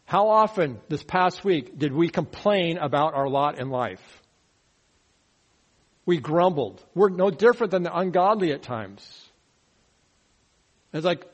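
A man's voice: fairly high pitch, lively intonation, a little slow, long pauses. A man preaching a verse-by-verse sermon, teaching and putting questions to the congregation, mocking grumblers by turns. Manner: mocking grumblers in a rising, louder voice. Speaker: pastor.

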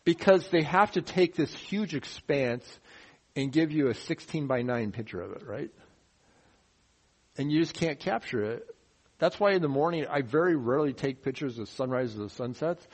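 Guy giving a sermon, mid pitch, chatty, lots of questions to the crowd, gets loud then drops quiet. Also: lively intonation, moderate pace, breathy edge. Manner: conversational, full of rhetorical questions; swings between quiet asides and loud emphatic bursts. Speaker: preacher.

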